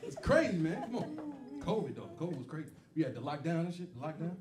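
A man doing a stand-up comedy set, telling loud, animated stories and acting out the people in them. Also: fairly high pitch, fast, very noisy. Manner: loud animated storytelling with acted-out quotes. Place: comedy club stage. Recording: roomy club sound from a distance with loud crowd laughter. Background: audience laughing.

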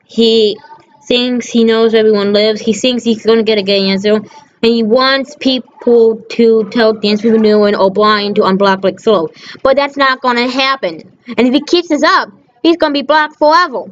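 High-voiced woman ranting on a dull recording. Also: normal speed, slight background noise. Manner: scolding, profane, repetitive. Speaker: channel host. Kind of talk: rambling rant to the camera.

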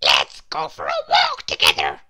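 A woman voicing a tiny, cheerful male storybook character in a deep, booming voice. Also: wildly swooping pitch, unhurried, pushed and bright, husky, heavily acted.

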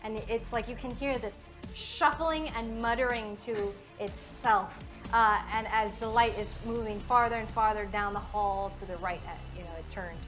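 Woman game master, high bright voice, descriptive narration with fillers, faint music under. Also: steady tone, moderate pace, few pauses.

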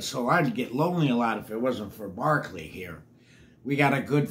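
A man's voice: medium pitch, a bit bright. An older man reading a picture book to children, chatting and asking them questions between pages. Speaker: storyteller.

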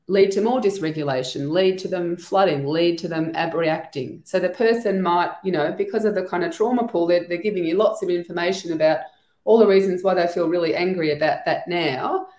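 A woman with a somewhat low voice explains her work in a loose, chatty way, often pausing on "you know." She is on a video call. Her sound carries the echo of the room around her. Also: darkish tone. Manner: chatty, thinks aloud with many "you know" asides. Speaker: EFT trainer and trauma practitioner guest. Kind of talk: casual explanatory interview talk. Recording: echoey room.

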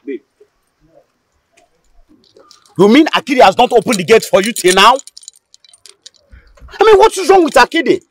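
A man's voice: extremely high pitch, very animated, brisk, exaggerated voice. An actor with a Nigerian accent playing a wealthy husband scolding his gateman. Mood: concerned. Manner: commanding, scolding. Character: angry wealthy husband, the boss. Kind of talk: film acting.

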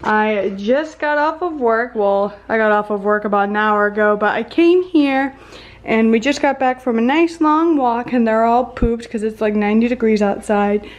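A woman's voice: fairly high pitch, normal speed. A young woman chatting casually in a home vlog, a bit out of breath and tired, sometimes cooing at dogs in baby talk. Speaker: vlogger. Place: house, indoors.

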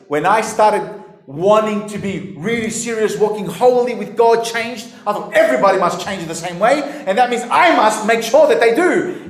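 Animated high-voiced preacher. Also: male voice. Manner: animated, emphatic, talks straight to the listener. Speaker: pastor. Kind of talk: sermon. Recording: echoey room.

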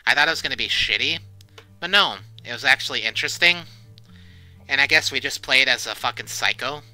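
A young man playing a horror game on his channel, panicking and swearing out loud, then giving a rambling casual review. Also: mid-range voice, brisk, faint music behind, rough recording. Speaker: gaming channel host. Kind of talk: horror game let's play commentary.

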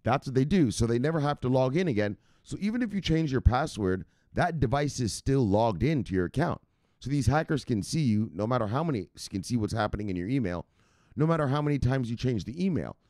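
A man hosting a crypto news stream, talking casually with slang and loud shout-outs, explaining things step by step. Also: medium pitch, expressive, a little fast, dry recording, studio quality. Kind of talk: casual livestream talk.

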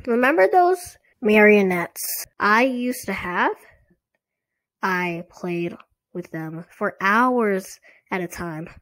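A woman's voice: medium pitch, lively intonation, slow pace, a bit bright. A woman voicing a cheerful girl who loves puppets in a storybook reading, speaking eagerly and insistently. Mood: fond.

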